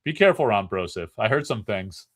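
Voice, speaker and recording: A man's voice: lowish voice, animated, fast talker, dry recording, studio quality. A man hosting a live card break stream, chatting casually and rambling, with frequent laughs between remarks.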